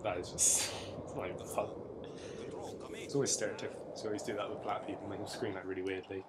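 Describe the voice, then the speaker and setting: شاب بريطاني بصوت منخفض يعلّق على لعبة فيديو بأسلوب مازح ومتجوّل، مع هسهسة خفيفة. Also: male voice, lowish voice, moderate pace, long pauses, noisy background. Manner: jokey and rambling, laughs often. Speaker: let's play host. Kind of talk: casual gameplay commentary.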